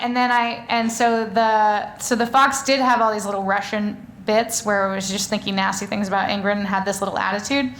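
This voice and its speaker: A woman's voice: medium pitch, fairly even intonation, a little fast, fairly bright tone, a little hiss or hum. A woman author talking on stage before an audience, rambling in a chatty way with many fillers and restarts. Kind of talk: live stage conversation.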